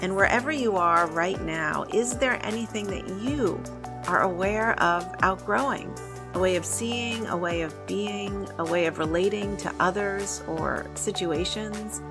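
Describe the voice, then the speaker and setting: A woman hosting a podcast, speaking gently and reflectively, asking probing questions. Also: medium pitch, a little slow. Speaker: podcast host. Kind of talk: reflective podcast host address. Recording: voice over clear background music.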